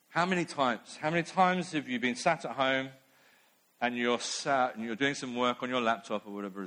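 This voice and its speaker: A man's voice: medium pitch, fairly bright tone. A man preaching a sermon in a conversational way, with many asides.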